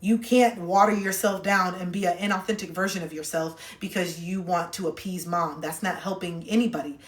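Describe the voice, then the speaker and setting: A woman's voice: on the low side, fairly even intonation, moderate pace. A young adult woman giving advice on a phone livestream, talking bluntly, directly and with sarcasm. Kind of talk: casual livestream advice talk. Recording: roomy echo.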